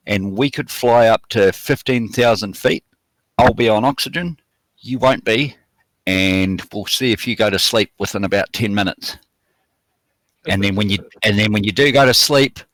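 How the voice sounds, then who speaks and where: A man on a debate panel calmly explaining an idea at length. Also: on the low side, no echo, rough recording. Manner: calm, explanatory. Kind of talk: live online debate.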